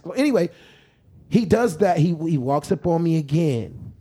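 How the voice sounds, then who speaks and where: A man with a somewhat higher voice tells a story in casual podcast chat. He is animated and profane. He often breaks into laughter as he goes. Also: normal speed, husky. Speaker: podcast guest or host.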